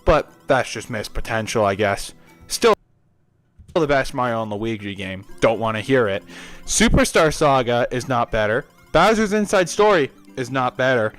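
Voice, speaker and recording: A man's voice: medium pitch, lively intonation, moderate pace, a bit bright, soft background music. A young man narrating his gameplay in a casual, opinionated way, with crude offhand jokes.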